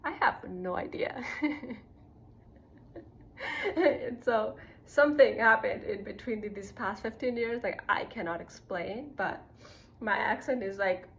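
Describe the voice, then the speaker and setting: A woman from Nepal, talking casually and reflectively about her own life, soft-spoken and given to little laughs and fillers. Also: fairly high pitch, takes it slowly, gravelly, long pauses, rough recording. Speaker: speaker sharing a personal story.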